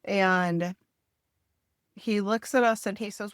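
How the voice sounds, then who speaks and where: A woman's voice: medium pitch, steady tone, takes it slowly, smooth, no room sound, clean studio sound. Midwestern mother telling a painful story. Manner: emotional, candid retelling with quoted dialogue. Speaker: podcast host telling her story. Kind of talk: personal storytelling in a podcast interview.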